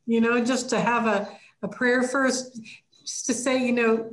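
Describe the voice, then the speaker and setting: A woman leading a church class, talking in an easy conversational way. She acts out little quoted lines with sharp rises in pitch. Her voice carries an echoey room sound. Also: fairly even intonation, unhurried. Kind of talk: casual teaching talk.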